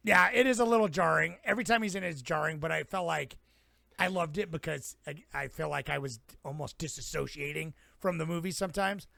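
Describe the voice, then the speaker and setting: A man's voice: on the high side, brisk, creaky, sharp tone, no room sound. A man co-hosting a podcast, chatting casually about a film in a laid-back way, laughing often and trailing off. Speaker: podcast co-host.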